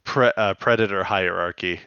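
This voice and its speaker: Low-voiced man chatting casually. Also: moderate pace, sharp tone, clear, resonant tone, no room sound, lo-fi sound. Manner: laughs often, recaps scenes in acted quotes. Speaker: podcast co-host. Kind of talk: casual chat.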